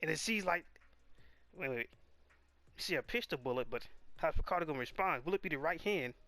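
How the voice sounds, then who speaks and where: Casual male watch-along narrator, stammers a lot, bright tense tone. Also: fairly high pitch, expressive, a little fast, dry recording. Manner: stammering, restarting, reading subtitles aloud. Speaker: video host reacting to a boxing anime.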